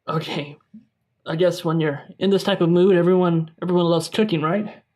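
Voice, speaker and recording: A man's voice: sits high, fairly even intonation, moderate pace, a little mellow. A young man hosting a mock product review, gushing with over-dramatic enthusiasm. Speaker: tech YouTuber.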